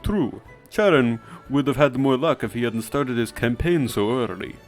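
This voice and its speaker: A man voicing a cold, aloof young male snowboarder in a put-on Russian accent, curt and loud. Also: mid-range voice, normal speed, faint music behind, close to an everyday voice. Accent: fake Russian.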